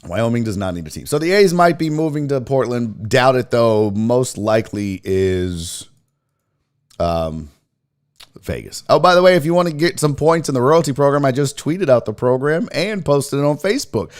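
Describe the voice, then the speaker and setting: A man's voice: mid-range voice, expressive, moderate pace, clear, resonant tone. A middle-aged man hosting a sports talk show, rambling casually with profanity and self-mockery.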